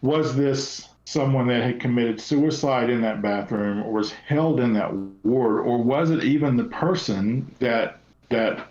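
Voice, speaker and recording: A man's voice: mid-range voice, unhurried, darkish tone, reverberant, muffled recording. A man, a paranormal investigator, chatting as a podcast guest and telling investigation stories with many restarts. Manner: storytelling, rambling with restarts. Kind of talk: casual podcast chat.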